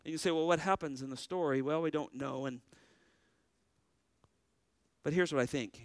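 Man, pastor, sermon, earnest preaching cadence, clear smooth voice, dry close sound. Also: a little high, moderate pace, pauses often, no room sound.

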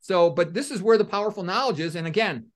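A middle-aged man, a doctor, giving blunt, animated opinions in an interview and acting out little scenes. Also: high voice, fast. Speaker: medical doctor guest.

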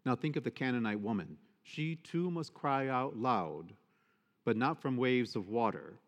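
Male priest, sermon, expressive rhetorical preaching, mid-pitched voice, long church reverb. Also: unhurried, lo-fi sound.

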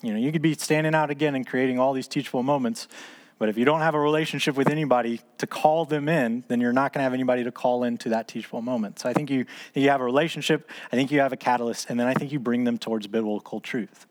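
A man in his thirties or forties leads a small church discipleship group, speaking quickly in a steady, mid-range voice. He teaches casually and conversationally, posing questions and answering them himself, and the talk closes with a prayer.

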